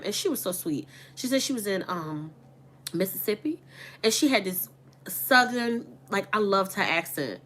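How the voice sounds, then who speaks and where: A woman's voice: medium pitch, moderate pace, a bit bright. Woman vlogger, casual and candid, talks straight to her followers, mid-range voice. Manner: chatty, candid, addresses viewers as y'all. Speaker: online boutique owner and vlogger. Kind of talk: casual chat to camera.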